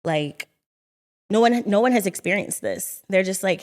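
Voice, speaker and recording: A young woman in an earnest, halting, reflective telling of her personal faith testimony. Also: medium pitch, expressive. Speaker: vlogger sharing her story.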